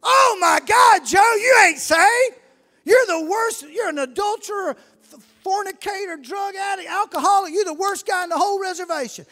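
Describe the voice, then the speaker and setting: A preacher doing frantic scolding churchgoers. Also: male voice, very high-pitched, moderate pace, bright, forceful tone, raised voice, pitched above the performer's own voice. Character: alarmed churchgoers scolding a sinner. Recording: long reverb in a hall.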